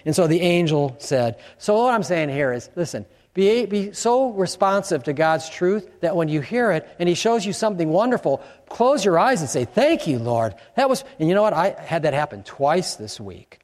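Older male pastor from Chicago, high-pitched, animated sermon delivery with shouted emphasis, long reverb of a church hall. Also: normal speed, hardly any pauses.

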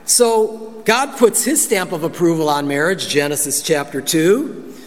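Folksy pastor preaching in a reverberant hall. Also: male voice, on the high side, animated, unhurried. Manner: folksy, storytelling, many asides. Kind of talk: conversational sermon.

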